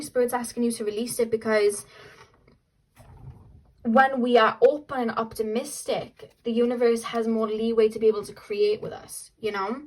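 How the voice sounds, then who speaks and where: A woman's voice: a little high, low-quality recording. Chatty upbeat woman reading tarot. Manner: chatty, upbeat, trails off and restarts, quotes the viewer's inner voice. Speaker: tarot reader.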